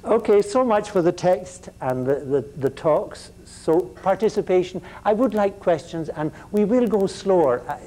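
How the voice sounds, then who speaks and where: Older male lecturer, halting and wry. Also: high voice, expressive, warm tone. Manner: halting, repeats words, wry humor. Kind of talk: university lecture.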